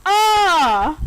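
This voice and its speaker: A man's voice: extremely high pitch, a bit bright, a little hiss or hum, low-quality recording. A male streamer giving live commentary on a game, giggling often and reading the dialogue aloud.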